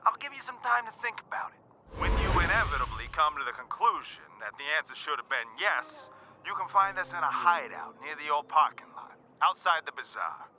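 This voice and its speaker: An actor playing a scheming male cartel fixer in a video game, talking with loud, theatrical salesman patter. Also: a little high, big pitch swings, a little fast, background noise. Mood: smug. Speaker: game character.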